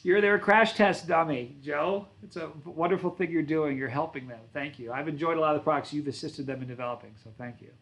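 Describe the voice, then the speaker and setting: A man with a slightly high, slightly quick voice talks with barely any pauses, his tone a little bright, over poor-quality audio. He's a channel host on a livestream, reading chat messages aloud and answering in a loose, rambling, friendly way, frequently correcting himself mid-sentence.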